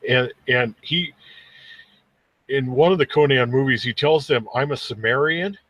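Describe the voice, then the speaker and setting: A man's voice: medium pitch, a little slow, no echo, lo-fi sound. A man hosting a casual podcast chat, rambling easily through stories with stammers and restarts.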